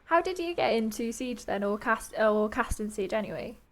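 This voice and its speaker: A young woman caster chatting casually between matches, giggling often and trailing off mid-thought. Her voice sits a little high for a woman. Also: lively intonation, normal speed. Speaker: esports caster.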